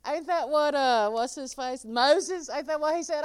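High, folksy woman preacher. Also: expressive, normal speed, clean tone, dry recording. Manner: folksy, calls out listeners by name, laughs often. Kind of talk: sermon.

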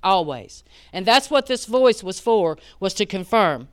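A woman preaching a sermon, rising to loud emphatic peaks and dropping to hushed asides. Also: mid-range voice, very animated, measured pace, clean tone.

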